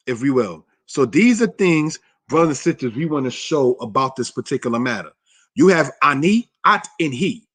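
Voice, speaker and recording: Man teaching Hebrew words off slides. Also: mid-range voice. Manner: repetitive, addresses listeners as brothers and sisters; says vocabulary slowly and deliberately. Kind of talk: slide-based language lesson.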